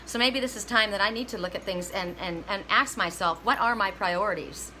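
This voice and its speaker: Woman, card reader, chatty and emotional, bright tone, faint background noise. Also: medium pitch, fairly quick, rough recording. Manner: chatty and emotional, sings snatches of songs. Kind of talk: live-streamed card reading.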